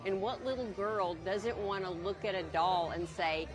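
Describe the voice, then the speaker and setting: A woman's voice: mid-range voice, moderate pace. A woman with a Southern American accent, a collector guest talking enthusiastically and emphatically in a live TV interview. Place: indoor collectibles show. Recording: event music and crowd behind.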